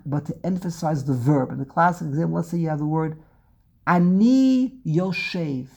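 In a lecture on Hebrew prayer and scripture, a woman who teaches Torah repeats words and asks rhetorical questions to develop each idea. She has a deep, gravelly, dark voice with some breathiness.

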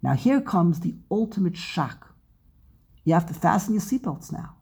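Woman, religious teacher, scripture lesson, gravelly, husky, animated, emphatic, repeats herself. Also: lowish voice, normal speed.

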